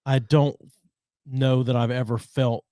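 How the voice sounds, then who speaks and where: A man's voice: medium pitch, flat delivery, a little slow, mellow, no room sound, clean studio sound. A man co-hosting a podcast, listening and adding wry, laid-back remarks in casual chat. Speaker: podcast co-host.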